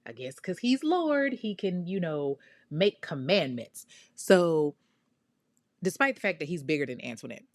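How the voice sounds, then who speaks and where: With a rather low, sing-song voice, a woman tells a true crime story a little slowly, breaking in with emphatic asides and speaking in a blunt, profane, casual way. The audio is dry and close-miked, without any room sound.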